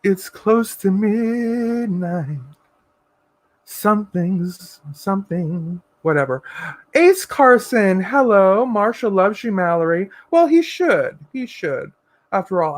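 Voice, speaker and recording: Sassy high-voiced man chatting on a livestream. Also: expressive. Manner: sassy, campy, drawn-out endearments; reads viewer comments aloud. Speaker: livestream host. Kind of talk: casual livestream chat.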